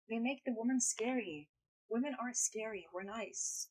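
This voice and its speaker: Husky-voiced woman streamer, playful and blunt. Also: fairly high pitch, normal speed, a little mellow, poor audio. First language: not English. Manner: playful, blunt, swears freely. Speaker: live streamer. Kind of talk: casual live-stream chat.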